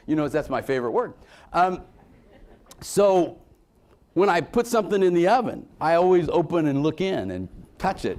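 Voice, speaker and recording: Addressing a conference room like a motivational speaker working the crowd, a man talks in a lively, fairly high voice. His pitch jumps about as he hammers home his points with loud emphasis, then he drops into quiet, low asides.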